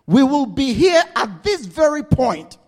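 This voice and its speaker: High-voiced man preaching slowly. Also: very animated. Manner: slow, deliberate, leading the congregation with laughter. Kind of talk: sermon.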